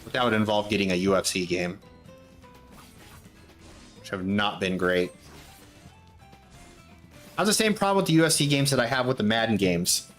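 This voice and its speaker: A man's voice: lowish voice, animated, normal speed, pauses often, fairly bright tone, faint music behind. A young man streaming a game, muttering to himself and rambling with lots of fillers in casual commentary.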